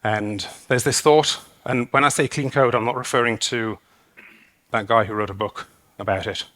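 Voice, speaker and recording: A man's voice: medium pitch, fairly even intonation, normal speed, sharp tone. A man speaking at a developer conference, explaining at length and hesitantly, with many fillers and restarts. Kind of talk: conference talk. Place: conference stage.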